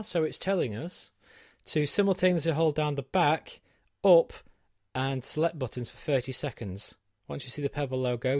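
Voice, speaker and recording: A man's voice: fairly high pitch, darkish tone, dry recording. A man giving a chatty, self-deprecating walkthrough of a gadget in his small home studio, with plenty of ums. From United Kingdom. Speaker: tech reviewer. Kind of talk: unboxing and set-up walkthrough.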